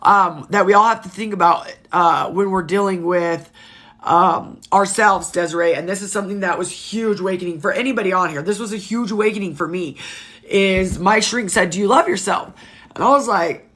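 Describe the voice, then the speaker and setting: A woman in her thirties talks into her phone on a casual livestream, her voice bright and forward. She speaks frankly and emotionally, swears freely, and greets viewers by name as they comment. Her pitch sits in the middle for a woman. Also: moderate pace. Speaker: livestream host.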